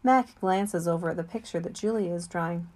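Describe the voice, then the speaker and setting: A woman narrating a storybook in a calm, measured reading voice. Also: on the low side. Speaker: audiobook reader.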